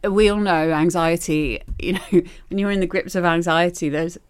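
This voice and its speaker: A frank woman speaks openly in a podcast chat. Her voice sits a little low. Her pitch swings widely as she gets animated, and she swears now and then. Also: normal speed, clear, resonant tone. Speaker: podcast guest, writer. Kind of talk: candid conversational interview.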